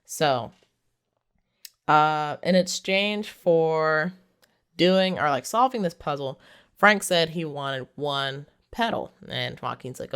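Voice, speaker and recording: A deep-voiced woman with lively intonation speaks at a measured pace, casually recounting a movie's plot as a reviewer. She's talkative, leans hard on "like", and laughs during the retelling.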